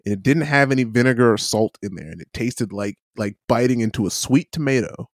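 A man's voice: mid-range voice, fairly quick, no room sound. Joking man on a dry close mic. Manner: joking, teasing, stumbles and repeats words. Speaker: podcast co-host. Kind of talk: casual chat.

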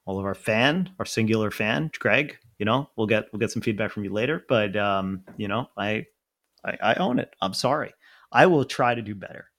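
A man with a deep voice, co-hosting a podcast in casual chat, joking and self-deprecating, often repeating himself. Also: animated, moderate pace, fairly bright tone. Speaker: podcast co-host.

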